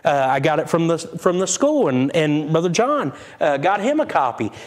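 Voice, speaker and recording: Halting, conversational preacher man. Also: a little high, sing-song. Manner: conversational, halting with many fillers and restarts; reads scripture aloud in King James wording. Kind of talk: casual Bible-study sermon.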